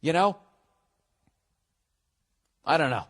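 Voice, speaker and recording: A man's voice: on the high side, expressive, takes it slowly, a bit bright. A man in his fifties with a Boston accent, giving blunt, profane advice in a casual podcast monologue.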